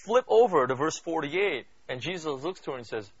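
Man preaching a casual Bible study, fairly high voice, lively swinging pitch, says "you know" and "right?" a lot, dry lo-fi recording. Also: fairly quick, breathy edge, no echo. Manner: asks the listeners questions. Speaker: Bible teacher. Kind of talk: conversational Bible study sermon.

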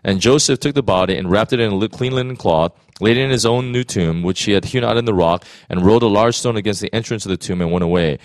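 A man's voice: lowish voice, fast talker, few pauses, dry recording. A man reading scripture aloud straight through, correcting misread words as he goes.

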